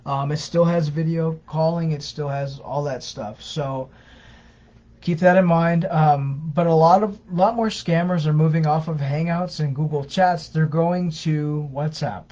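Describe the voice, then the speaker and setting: A woman co-hosting a casual live Q&A, chatty and halting, with many restarts and ums. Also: low-pitched, steady tone, dark tone, dull audio. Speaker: co-host of a scam-awareness page.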